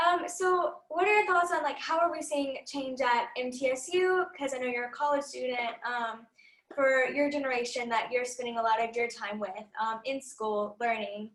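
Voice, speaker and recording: A young woman with a high voice moderates an online panel discussion, asking questions politely and filling pauses with ums. Her sound echoes in the room. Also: a bit bright.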